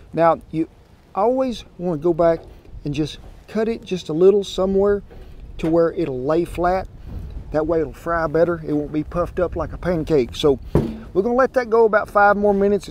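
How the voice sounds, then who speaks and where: At a smoker grill outdoors, a man with a Southern American accent hosts a cooking show and chats homespun-style with viewers. His high, slightly mellow voice is captured on a wireless clip-on mic, with slight background noise.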